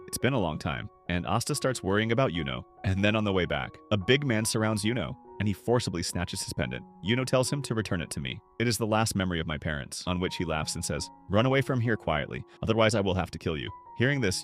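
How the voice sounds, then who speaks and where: A man with an Indian English accent narrating an anime plot recap in a quick, animated storytelling manner. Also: deep voice. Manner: quick, animated storytelling, quotes characters without changing voice.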